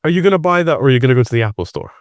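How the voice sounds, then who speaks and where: A man's voice: medium pitch, lively intonation, very fast, no room sound, studio quality, pitched above the performer's own voice, natural voice. A man voicing a pushy male street seller with over-friendly, wheedling patter.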